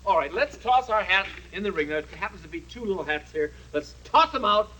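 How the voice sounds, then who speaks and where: A man's voice: high voice, expressive, a little fast, bright, forceful tone, a little hiss or hum, rough recording. A man voicing a boastful, good-natured male dragon who keeps running for office, talking in pompous rambling patter for a TV puppet show. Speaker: puppet character. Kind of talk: 1970s TV puppet comedy.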